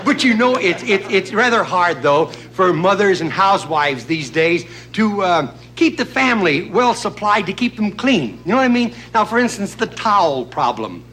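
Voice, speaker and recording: A man's voice: high-pitched, very animated, moderate pace, hardly any pauses. A man hosting a comedy show, telling folksy jokes in a stand-up monologue and chuckling at his own gags. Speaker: comedian host. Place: TV studio stage before a live audience. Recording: loud crowd and noisy studio sound. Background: loud audience laughter and noise.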